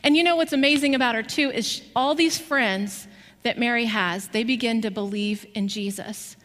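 A woman preaching a sermon, telling a story with lively rhetorical questions to her listeners. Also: a little high, moderate pace, in a large hall.

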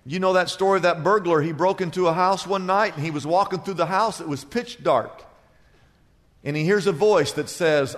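A male pastor delivers a sermon, mixing scripture with jokes and stories and asking the crowd for amens. His voice sits high for a man. The sound carries a long hall reverb. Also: normal speed. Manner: humorous storytelling preacher, asks the congregation for amens.

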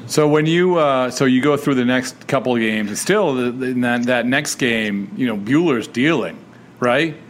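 A man's voice: medium pitch, moderate pace, a little hiss or hum. Chatty male podcast host. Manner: loose, chatty, laughs easily. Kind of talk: casual interview conversation.

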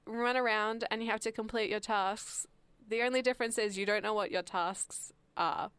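A woman's voice: on the high side, steady tone, normal speed, a bit bright, clear, resonant tone, no echo. A woman hosting a casual podcast chat, laughing often between sentences. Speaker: podcast host.

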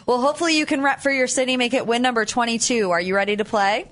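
A woman co-hosting a radio morning show, running a quiz game in a quick, upbeat way and laughing easily. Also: on the high side, steady tone, fairly bright tone, faint music behind. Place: radio studio. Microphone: studio mic.

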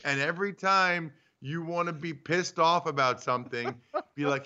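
A man co-hosting a sports talk show from home, bantering in a teasing, animated way. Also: a little high, moderate pace, dull audio. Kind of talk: casual sports radio banter. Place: home studio.

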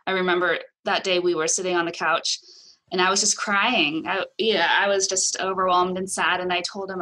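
A woman with a bright, clear-toned voice talks about her family in an interview. She speaks reflectively, and her voice drops softly when things turn tender. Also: on the low side, fairly even intonation, moderate pace. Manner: reflective, emotional, voice dropping soft at tender moments. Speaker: guest. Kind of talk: personal interview.

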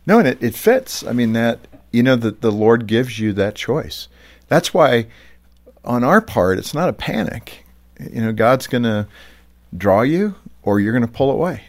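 A man's voice: mid-range voice, lively intonation, measured pace. A man hosting a radio interview, affirming his guest with short replies and steering the talk. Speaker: radio show host. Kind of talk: conversational interview.

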